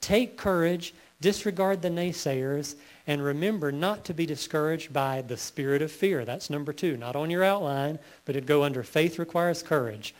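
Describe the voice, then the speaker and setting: Man, pastor, sermon, fairly high pitch, emphatic build-ups. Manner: preaching with rising emphasis, reading scripture slowly.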